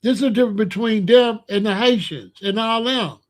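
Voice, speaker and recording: High-voiced blunt man on a livestream. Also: a little fast. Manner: blunt, repetitive, asks the chat questions. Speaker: livestream host. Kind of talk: casual livestream monologue.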